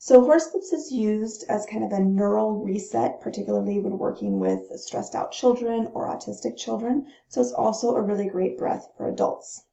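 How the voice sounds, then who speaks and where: A woman teaching breathing techniques in a calm, instructional way, pausing to demonstrate the breaths. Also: medium pitch, gravelly. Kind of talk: gentle instructional talk. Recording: roomy, dull lo-fi sound.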